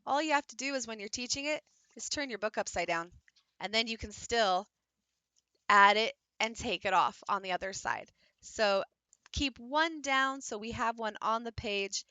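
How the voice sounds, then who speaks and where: Bright-voiced woman teaching a craft. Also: mid-range voice, smooth, no room sound. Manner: patient step-by-step explaining, demonstrating while working. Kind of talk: instructional craft tutorial.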